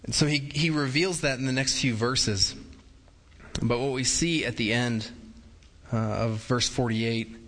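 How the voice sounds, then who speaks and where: A man's voice: mid-range voice, unhurried, fairly bright tone. Man preaching in a reverberant hall. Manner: conversational, acts out quoted voices with humor. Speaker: pastor. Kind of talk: sermon.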